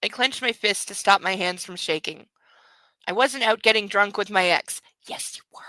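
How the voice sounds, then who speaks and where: A woman's voice: mid-range voice, moderate pace, sharp tone, no echo, poor audio. A woman hosting a book club, reading a novel aloud and breaking off with mocking, laughing commentary. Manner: mocking asides between read passages; laughs often.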